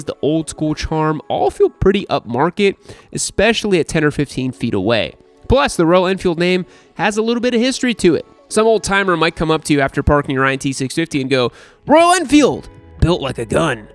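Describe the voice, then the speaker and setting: A man's voice: a little high, big pitch swings, a little fast. A young man hosting a motorcycle channel, reading a scripted review with wry, sarcastic humor over faint background music.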